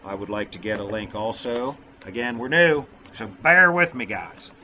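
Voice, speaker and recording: On his personal vlog, a middle-aged man speaks casually about faith, rambling and self-mocking with a goofy streak. His voice sits on the low side with a sharp tone at normal speed, and the dull lo-fi recording carries slight background noise.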